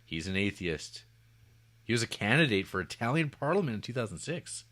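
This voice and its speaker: A man's voice: fairly low pitch, big pitch swings, a little fast, fairly bright tone. A man co-hosting a podcast, reading out notes and joking with dry, wry humor. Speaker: podcast co-host. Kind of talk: casual chat with read-out notes.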